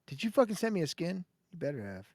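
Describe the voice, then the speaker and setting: A man's voice: on the high side, big pitch swings, quick pace, a crowd in the background. A man co-hosting a casual livestream, brash and teasing, swearing constantly. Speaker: co-host.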